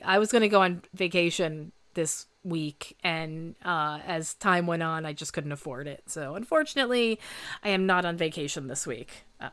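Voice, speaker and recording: A woman's voice: deep voice, a bit bright, clear, resonant tone, dry recording. A woman in her forties hosting a podcast, chatting casually and rambling, laughing often at herself. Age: 40s. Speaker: podcast host. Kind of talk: casual chat.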